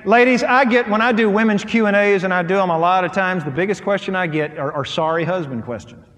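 Middle-aged guy preaching, high-ish voice, folksy funny storyteller, big hall echo. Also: fast. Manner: animated, folksy storyteller acting out quotes. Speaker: pastor. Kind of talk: humorous sermon storytelling. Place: large hall with audience. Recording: hall reverb with faint ambience.

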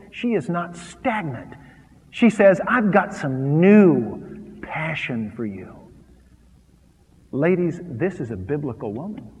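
Animated preaching man in an echoing hall. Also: fairly high pitch, phone-quality sound. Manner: animated, jokey preaching with dramatic pauses. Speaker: pastor. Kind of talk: sermon. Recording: long hall reverb.

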